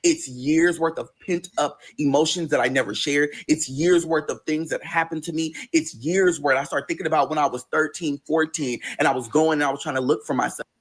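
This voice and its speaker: Husky young man telling a story. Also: a little high, fairly quick, few pauses. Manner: emotional, profane, animated retelling. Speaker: storytime vlogger. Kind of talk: personal storytelling.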